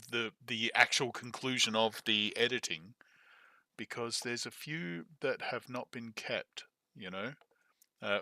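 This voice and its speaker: A man's voice: mid-range voice, sharp tone, no echo. A man casually commenting while editing an audiobook, chatty and joking, greeting viewers in chat. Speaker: audiobook producer. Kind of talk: casual behind-the-scenes commentary.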